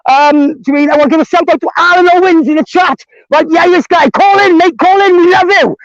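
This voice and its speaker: High-voiced Welsh man on a dull line. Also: steady tone, fast, a little hiss or hum. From Wales. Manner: chatty, tags lines with "right?". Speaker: caller. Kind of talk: casual call-in chat. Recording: dry, dull phone-line sound.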